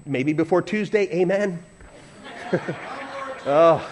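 A man preaching to a church congregation, animated and playful, sometimes leading the room in song. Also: on the high side, fairly quick, a little hiss or hum. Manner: animated, playful, acts out voices and leads congregation singing. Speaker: pastor. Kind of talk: sermon.

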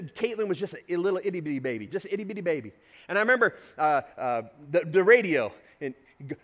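A middle-aged man, a pastor, preaching a sermon and telling a story, acting out shouts and honks with lively energy. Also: high voice.

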